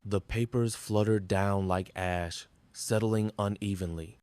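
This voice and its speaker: Low male narrator, grim and measured, dry close recording. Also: fairly even intonation, darkish tone, smooth, dry recording. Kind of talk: scripted story narration.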